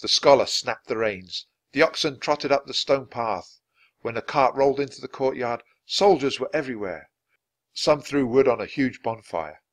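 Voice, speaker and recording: A man narrating a children's storybook aloud, expressive and switching voices for each character. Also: mid-range voice, normal speed. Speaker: audiobook reader.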